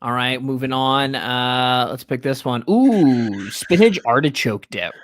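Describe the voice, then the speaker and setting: A man's voice: medium pitch, animated, measured pace. A young man co-hosting a casual podcast, chatting and laughing easily while ranking party foods. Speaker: podcast co-host.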